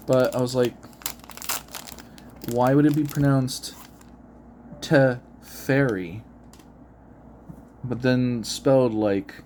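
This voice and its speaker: A man's voice: mid-range voice, mellow, slight background noise. Chatty man reading cards aloud. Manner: chatty, reads card text aloud and muses, laughs often. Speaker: card-opening video host. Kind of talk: unedited casual commentary.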